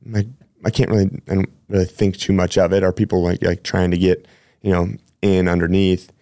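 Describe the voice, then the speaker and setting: A man's voice: deep voice, flat delivery, brisk, dark tone, dry recording, clean studio sound. A man hosting a podcast, a personal trainer telling rambling, chatty stories with many self-corrections. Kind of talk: casual storytelling.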